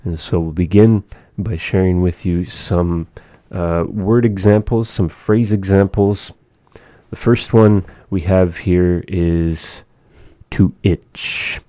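Man, radio language teacher, slow careful pronunciation, dry close sound. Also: low-pitched, steady tone, dark tone, no room sound.

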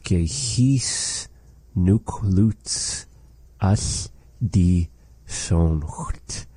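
A man teaching a language lesson as host, patiently repeating phrases slowly and explaining them. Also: low voice, animated, dark tone, breathy edge, dry recording. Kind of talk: slow, careful language lesson.

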